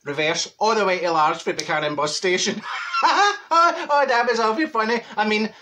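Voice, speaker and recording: A man with a high, pushed, bright voice performs a comedy character: a gossipy middle-aged Glaswegian woman with a broad accent. At normal speed, she gabs her way through rambling comic stories packed with malapropisms.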